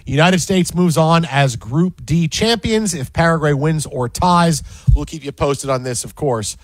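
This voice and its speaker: A man hosting a sports radio show, telling quick stories with lots of restarts in a casual chat. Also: a little high, no room sound. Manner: animated, quick storytelling with restarts. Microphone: studio microphone.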